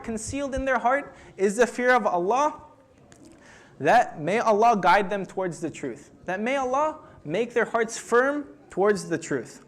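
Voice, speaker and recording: A young man delivering an emotional religious sermon, retelling a tradition and building to loud, pleading intensity. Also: high voice. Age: young adult. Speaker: speaker at a mourning gathering.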